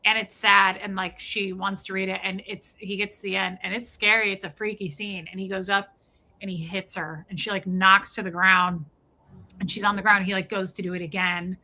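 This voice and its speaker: A woman with a medium-pitched voice talks at a normal speed. Co-hosting a podcast, she retells a movie scene in casual chat, an animated storyteller who fills her lines with "like."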